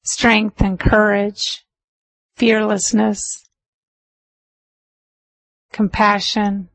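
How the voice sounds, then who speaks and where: Woman meditation teacher, dharma talk, chatty and laughing, mid-pitched, close and dry. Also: no room sound, low-quality recording. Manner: chatty storytelling with laughs, slowing to a calm measured close.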